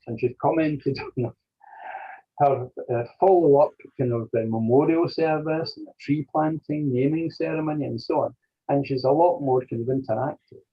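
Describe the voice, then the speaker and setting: Man telling a story slowly, muffled. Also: mid-range voice, breathy edge. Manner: slow, deliberate storytelling. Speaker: interview guest, medium. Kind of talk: storytelling in an interview.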